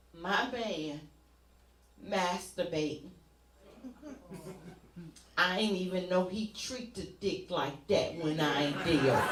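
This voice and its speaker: A brash woman comedian working a club crowd, her high, bright voice delivered. She takes her time, letting each bawdy line land, and repeats punchlines for effect. The sound is roomy and a little distant, as if caught off the stage. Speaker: stand-up comedian. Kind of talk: stand-up comedy set.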